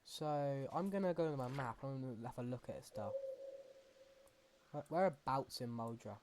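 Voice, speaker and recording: A man's voice: medium pitch, animated, moderate pace, darkish tone, slight background noise. A man hosting a gaming channel, talking to himself as he plays in loose, rambling commentary full of fillers and restarts. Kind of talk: casual gameplay commentary.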